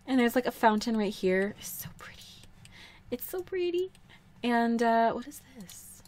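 A young woman hosting a let's play, giving casual gameplay commentary in a chatty, giggly, rambling way with lots of fillers. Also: medium pitch.

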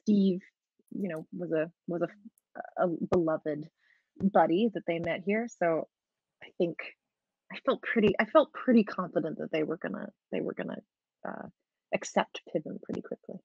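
A woman game master talking shop in a relaxed, easy chat. She laughs often and trails off mid-thought before picking her point back up. The sound is dry and a little dull, as if it comes over a video call. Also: fairly low pitch, moderate pace, no echo. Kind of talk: casual talk-show chat.

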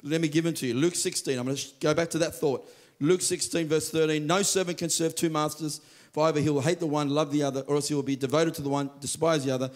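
A man preaching a sermon as pastor, telling stories with lively quoted voices. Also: a little high, quick pace. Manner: animated storytelling, acts out quoted voices. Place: church.

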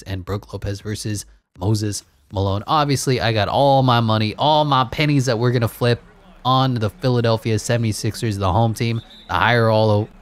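A man calling a simulated basketball video game play-by-play, excitable and jokey, rising to big shouts on key moments. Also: lowish voice, no echo. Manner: jokey asides and laughs between calls. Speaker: gaming channel host.

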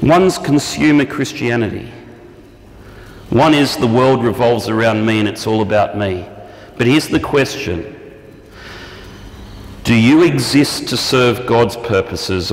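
A man preaching a sermon, animated and acting out prayers and quoted lines in shifting voices. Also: lowish voice, a little slow, a little hiss or hum. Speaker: pastor. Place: church hall. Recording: echoey church hall, long reverb.

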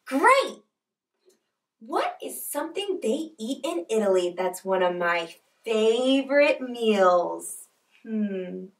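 A woman hosting a preschool lesson, talking to toddlers in a bright, exaggerated, encouraging way and breaking into little sing-along chants. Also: a little high, big pitch swings, slow, recorded from a distance. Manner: bright, exaggerated, encouraging kids-show delivery. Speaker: children's show host.

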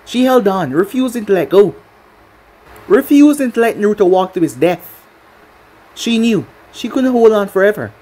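A woman reads fan fiction aloud as a narrator. Her voice is husky, and her pitch moves about a great deal. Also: animated, moderate pace, warm tone.

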